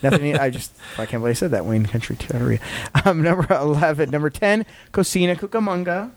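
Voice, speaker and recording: A man's voice: on the high side, fast talker. A man hosting a casual podcast, rambling and self-deprecating as he reads out a ranked list and justifies his picks. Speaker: podcast host.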